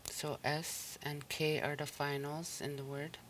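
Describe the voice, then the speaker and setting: Language teacher, unhurried, flat steady delivery, sounds out syllables, patient explaining tone. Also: mid-range voice, a little hiss or hum. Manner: repeats each word slowly and sounds it out syllable by syllable. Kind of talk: recorded listening lesson.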